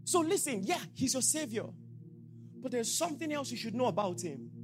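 A man preaching a sermon as pastor, asking rhetorical questions and swinging from quiet talk to shouted declarations. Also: extremely high pitch, sing-song, normal speed, soft background music.

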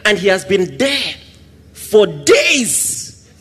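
A man preaching a sermon, swinging between loud exclamations and soft asides and acting out little scenes. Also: high voice, very animated, extremely slow, slightly rough. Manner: acts out little scenes with quoted voices and laughter.

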